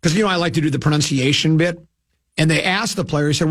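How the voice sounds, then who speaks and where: A male sports radio host in casual banter, playful and theatrical, often slipping into quick put-on voices. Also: a little high, creaky, a bit bright.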